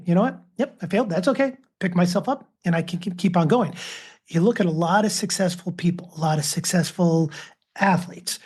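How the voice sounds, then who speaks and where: A man in his fifties, a father and an author, is a guest on a relaxed podcast interview, sharing anecdotes and acting out the voices of people he quotes. His voice is high and slightly mellow.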